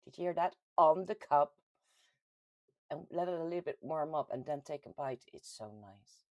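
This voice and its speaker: A woman from the Netherlands with a Dutch accent hosts a casual livestream, reading out viewer comments in a chatty, giggly way with sudden lively jumps in pitch. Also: brisk, no room sound. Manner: chatty and giggly, with frequent laughs and ums. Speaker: host of a paranormal community livestream.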